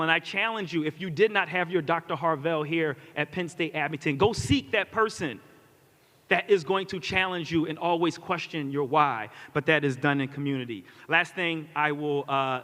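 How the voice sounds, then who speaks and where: A man delivers a commencement speech in a somewhat high voice. He speaks earnestly and circles back to repeat his key lines. The sound carries a long reverb from a large hall. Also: sharp tone. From Philadelphia. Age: 40s.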